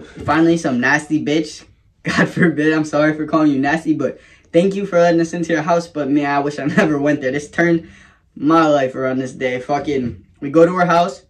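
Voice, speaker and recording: Young man vlogger, casual storyteller, slightly high voice, swears freely. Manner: casual, profane, rambling with laughs.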